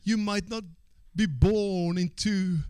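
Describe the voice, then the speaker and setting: Male pastor, high voice, sermon delivery that swings between soft asides and shouted call-and-response, dry close sound. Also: fairly even intonation, slow, clear, resonant tone, no room sound. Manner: repeats phrases and calls for amens.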